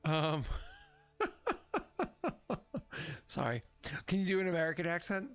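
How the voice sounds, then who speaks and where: A man's voice: a little high, measured pace, fairly bright tone, smooth, dry recording, soft background music. A man acting as game master on a streamed tabletop game, rambling and playful with many fillers.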